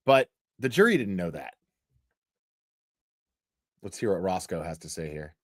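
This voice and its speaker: A man's voice: deep voice, very animated, measured pace, no echo, studio quality. A man hosting a livestream, giving crude, heckling commentary full of swearing. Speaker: livestream host. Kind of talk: profane casual commentary.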